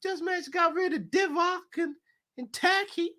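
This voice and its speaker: A greedy club owner, high drawl, brash, mocking. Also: male voice, moderate pace, sharp tone. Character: impression of a rich American club owner, greedy.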